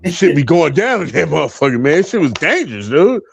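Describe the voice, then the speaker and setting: A man's voice: a little high, big pitch swings, fairly quick, gravelly, breathy edge, dry recording. A man in his fifties telling profane, laughing stories as a co-host on a live panel. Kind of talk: casual storytelling on a live panel.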